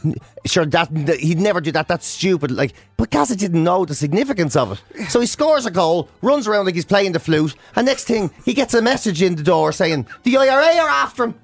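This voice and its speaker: A man's voice: high voice, a little fast, few pauses, dry recording, soft background music. An Irish man co-hosting a radio show, telling stories with lots of acted-out quotes. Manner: animated storyteller, acts out quotes. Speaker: radio co-host. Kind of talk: casual chat.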